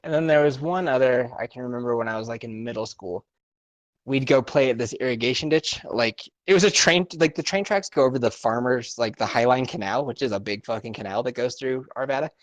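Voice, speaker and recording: A man's voice: medium pitch, fairly quick, dry recording. A young man co-hosting a podcast, telling a story in casual, profane chat and laughing often. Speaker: podcast co-host.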